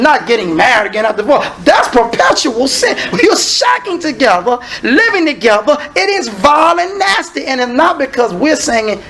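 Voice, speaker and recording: A man preaching to his congregation, his voice rising and dipping in a lively, swinging line. He asks pointed questions one moment and drops into low asides the next, then breaks out in loud exclamations. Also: a little hiss or hum. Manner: calls and questions aimed at the congregation. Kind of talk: sermon.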